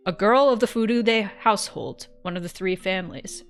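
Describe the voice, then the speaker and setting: A woman's voice: mid-range voice, normal speed, hardly any pauses. Woman, let's-play co-host, casual, swearing, narrates game text, faint music. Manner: casual, swears freely, animated.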